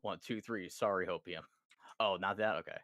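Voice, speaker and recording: Low-voiced laid-back young man, dry mic. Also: fairly even intonation, moderate pace, fairly bright tone, no echo. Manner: laid-back, swears casually. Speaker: teammate on voice chat. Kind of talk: casual gameplay chat.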